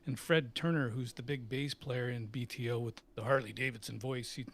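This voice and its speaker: Speaking at normal speed in a mid-range voice, a middle-aged man who runs a company and plays music tells casual stories in a live Q&A. He laughs frequently and performs the voices of the people he's quoting.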